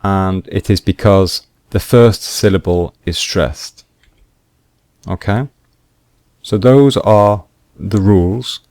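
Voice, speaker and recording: Man, English grammar lesson, low voice, very slow careful delivery, dry close sound. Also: a little mellow, no echo. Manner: slow, deliberate, repeats each rule. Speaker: English teacher.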